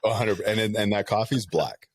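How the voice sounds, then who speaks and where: Low-voiced candid male co-host. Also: moderate pace, breathy edge, dry recording, clean studio sound. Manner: candid, animated storyteller, rambling with many asides. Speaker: podcast co-host. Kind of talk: casual chat.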